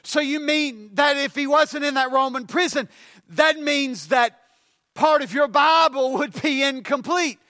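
A man preaching with a very high, bright, ringing voice that climbs to shouts on his main points. He builds his sentences by repetition, hammering each phrase. The sound is dry and close. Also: a little slow, dry recording. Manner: emphatic preaching, rising to shouts on key points. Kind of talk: sermon.

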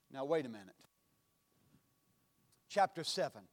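A man preaching a sermon in a church, impassioned, swinging between loud and soft passages. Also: sits high, very animated, normal speed. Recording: long hall reverb.

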